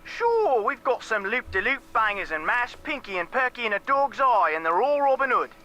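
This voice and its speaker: A man's voice: extremely high pitch, very animated, normal speed, sharp tone, exaggerated voice. An actor playing a chatty male pub owner with a Cockney accent, taking orders on the phone in a game. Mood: friendly. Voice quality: slangy, breezy and hospitable.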